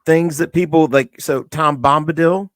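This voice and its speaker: A man co-hosting a podcast, explaining the story in a relaxed, loose way with fillers. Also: a little high, unhurried, no room sound. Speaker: podcast co-host. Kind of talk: casual review chat.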